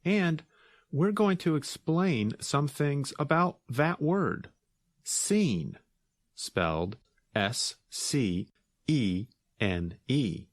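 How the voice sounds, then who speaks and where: A man co-hosting an English lesson, explaining words in a calm, slow and clear way. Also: mid-range voice, dry recording, studio quality.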